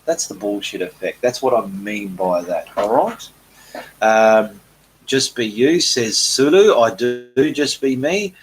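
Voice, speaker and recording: A man hosting a relaxed live painting Q&A, reading viewer comments aloud in a chatty way with frequent ums. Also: lowish voice, takes it slowly, rough recording. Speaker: painting channel host.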